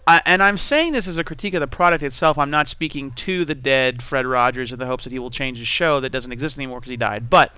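Brief: man from Texas, podcast co-host, bright and lively, rambling comic storyteller. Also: medium pitch, fast, few pauses, clean tone, no echo. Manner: animated storytelling with acted-out voices. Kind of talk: casual comedic chat.

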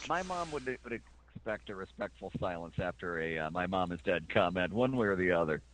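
A man's voice: deep voice, animated, brisk, a bit bright, no room sound, poor audio. A man co-hosting a podcast in casual comedic chat, playfully mock-indignant. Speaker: podcast co-host.

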